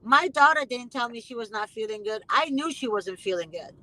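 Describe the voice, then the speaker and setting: A woman with a high, bright voice leads a casual talk, speaking with fervent emphasis. She circles back on her points and repeats words to drive them home. The sound is dry and close. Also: lively intonation, brisk, no echo, poor audio. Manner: emphatic, impassioned, repeats herself. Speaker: host; mother. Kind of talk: casual conversation.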